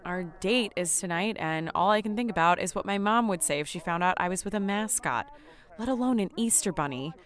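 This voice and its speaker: A woman's voice: mid-range voice, animated, brisk. Awkward, self-aware comic lead woman. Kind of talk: comedy sketch acting.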